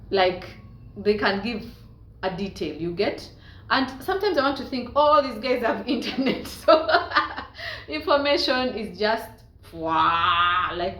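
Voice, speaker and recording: A woman's voice: mid-range voice, a bit bright. A Ugandan woman with a Ugandan accent, chatting playfully to camera as a vlogger and laughing often. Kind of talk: casual commentary to camera. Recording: echoey room with faint ambient noise.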